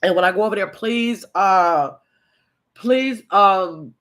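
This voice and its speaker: A woman hosting a casual live stream, greeting viewers by name and telling a story in a chatty, animated way. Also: mid-range voice, takes it slowly. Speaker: livestream host. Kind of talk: casual live chat reading viewer comments.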